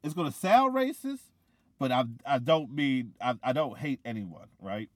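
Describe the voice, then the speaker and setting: A man's voice: medium pitch, moderate pace, no room sound. A young man with a mid-range voice chats casually. He rambles and uses a lot of fillers. The sound is dry and close to the mic. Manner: rambling, filler-heavy, excitable. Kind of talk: casual chat.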